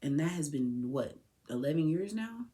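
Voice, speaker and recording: A woman podcast host with a low, warm, expressive voice speaks directly to her son at normal speed. Her emotional personal address is raw, tearful and heartfelt.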